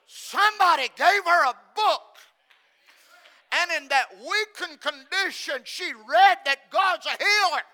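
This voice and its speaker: A male preacher delivering an impassioned sermon, his voice pitched very high and cutting. He moves from near-whispered, intimate passages to full shouting. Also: lively intonation, unhurried. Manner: impassioned, swings from hushed to shouting.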